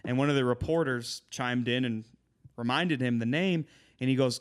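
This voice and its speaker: A man's voice: medium pitch, moderate pace, smooth. Young man hosting a sports podcast. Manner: animated, running the segment. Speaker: podcast host. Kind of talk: casual sports chat.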